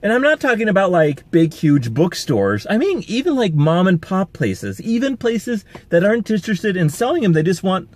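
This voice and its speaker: A man with a high-pitched, very animated, slightly mellow voice vlogs from a rainy city street. He talks at a moderate pace with few pauses, rambling upbeat to camera and laughing frequently.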